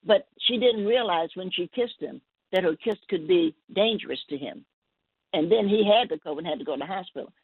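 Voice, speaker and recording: A woman poet guesting on a call-in show, telling a story in a gentle, rambling way with many restarts. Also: on the low side, lively intonation, a little fast, slightly rough, no echo. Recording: tinny phone line.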